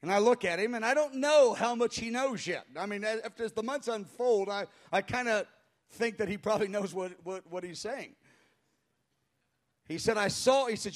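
A man pastor telling a story in a sermon before a live congregation, animated and halting, crying out when he acts out quoted voices. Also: high voice. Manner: halting with frequent restarts.

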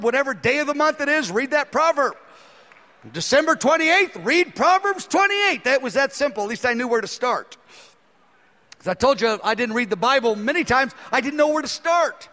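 High, bright-voiced preacher in a hall. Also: male voice. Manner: animated, acts out dialogue in his story. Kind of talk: sermon storytelling. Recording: long hall reverb.

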